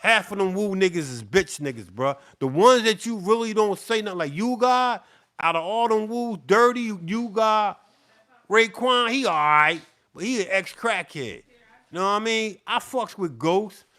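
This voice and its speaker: Fired-up middle-aged man, bright high voice. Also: lively intonation, normal speed. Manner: profane, repetitive, fired-up. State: sweating, worked up. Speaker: beatmaker. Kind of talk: heated off-the-cuff rant to camera.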